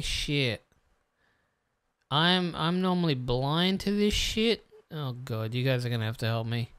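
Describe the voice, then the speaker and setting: A let's-play commentator who swears often and talks straight to the viewers, muttering to themself and then bursting out excitedly. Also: mid-range voice, clear, resonant tone. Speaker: gameplay commentator.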